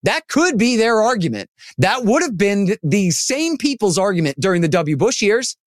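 A man as an interview guest, talking in an animated, emphatic way and acting out the people he quotes. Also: high voice, normal speed, no echo, clean studio sound. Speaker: podcast guest, antiwar writer. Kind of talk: casual interview talk.

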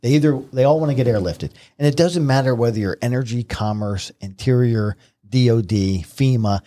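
A middle-aged man from New York, a podcast guest, telling stories in a vivid, animated way. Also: mid-range voice, moderate pace. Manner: vivid, animated retelling with acted-out quotes. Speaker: guest, retired Marine helicopter pilot. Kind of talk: conversational storytelling.

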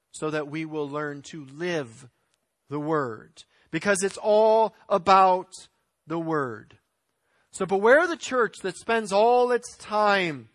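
A man preaching a sermon, building to emphatic peaks and dropping low, clearing his throat now and then. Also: a bit bright, no room sound. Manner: emphatic preaching with rising and falling intensity. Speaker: pastor.

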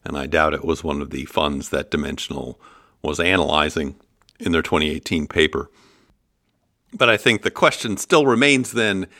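A man with a Midwestern American accent hosting a finance podcast, explaining things in a measured way with dry humor. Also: sits low, sharp tone, no echo. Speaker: podcast host.

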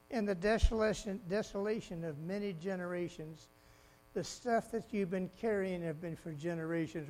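A man preaching a sermon in an animated way, swinging from loud exclamations to quiet asides and laughing often. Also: high voice. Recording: mains hum behind the voice.

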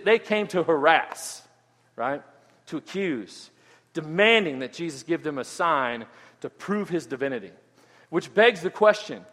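Pastor, male, fairly high voice, emphatic expository preaching, long hall reverb. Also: a bit bright. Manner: earnest, emphatic, with frequent restarts and "right?" asides. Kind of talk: expository sermon.

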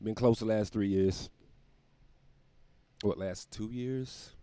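A man's voice: lowish voice, fairly even intonation, slow pace, warm tone, smooth, dry recording. A man hosting his own show, rambling through a casual comedic monologue and laughing at his own jokes, talking from a room at home near the windows. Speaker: podcast host.

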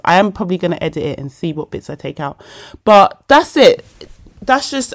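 A young woman hosting her own podcast, chatting casually and openly, laughing often and calling her listeners babe. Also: fairly low pitch. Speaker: podcast host. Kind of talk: casual solo podcast chat.

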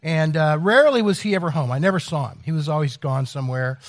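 A man's voice: on the high side, fast. A middle-aged man preaching a sermon as pastor, telling a story with many restarts and repeated words. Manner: rambling, self-interrupting storyteller.

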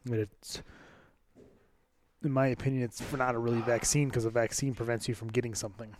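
A man's voice: medium pitch, fairly even intonation, brisk, a little mellow, a little hiss or hum. A man hosting a podcast, talking casually with a lot of swearing and rambling. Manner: profane, rambling. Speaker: podcast host.

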